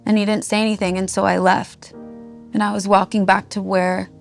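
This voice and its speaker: Woman, thirties, candid storytelling, heartfelt, gravelly, faint music behind. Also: mid-range voice, little pitch movement, moderate pace. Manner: raw, heartfelt, swears freely. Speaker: guest musician.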